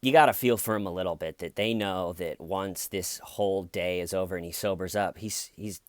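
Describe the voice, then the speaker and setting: A man's voice: low-pitched, normal speed, no echo, clean studio sound. A man telling a story in a casual, rambling way, often restarting and correcting himself. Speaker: channel host.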